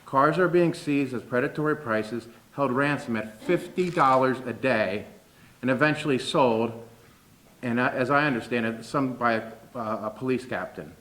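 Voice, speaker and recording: A man delivering a prepared public statement at a meeting in a measured, deliberate way. His voice sits at an ordinary pitch, with faint background noise. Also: a bit bright, rough recording. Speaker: public commenter.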